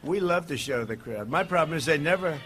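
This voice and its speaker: A man giving a campaign rally speech outdoors, rambling and digressive, swinging between shouted lines and low asides. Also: expressive, brisk. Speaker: political candidate at a rally.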